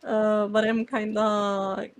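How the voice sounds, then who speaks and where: A woman's voice: medium pitch, little pitch movement, slow. A woman guest on a stream chatting casually, very tired, with a stuffy nose, giggling and hesitant. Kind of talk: casual chat.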